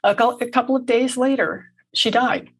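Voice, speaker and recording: A woman guest on a podcast, telling stories gently with frequent restarts and light laughs. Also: on the high side, moderate pace, breathy edge, poor audio. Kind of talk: conversational interview.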